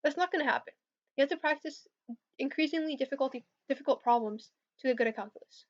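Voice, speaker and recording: A woman's voice: high-pitched, fast talker. Hesitant young woman streaming coding tips. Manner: hesitant, filler-heavy, answers chat questions. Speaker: competitive programming streamer. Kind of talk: casual livestream Q&A. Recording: slightly dull lo-fi stream audio.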